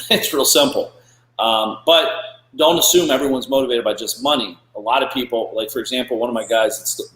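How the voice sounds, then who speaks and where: Blunt, profane man in an echoey room. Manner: blunt, profane and animated, with frequent "blah, blah" and "boom". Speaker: podcast host. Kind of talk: live-stream business talk.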